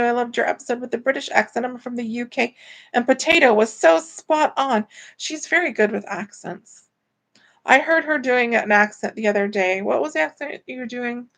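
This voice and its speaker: Her voice sits a little high with vocal fry and a fairly bright tone. She's indoors at home running a laid-back live stream, reading out viewer comments and chatting in a rambling way packed with fillers.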